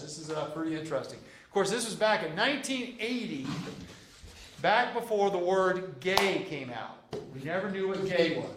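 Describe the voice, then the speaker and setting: A man's voice: high voice, fairly bright tone, roomy sound, a little hiss or hum. A man in his fifties teaching a class of cadets, folksy and repetitive, acting out bits of dialogue in his stories. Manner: folksy, repeats himself, acts out dialogue. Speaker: JROTC instructor. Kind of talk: classroom lecture with anecdotes.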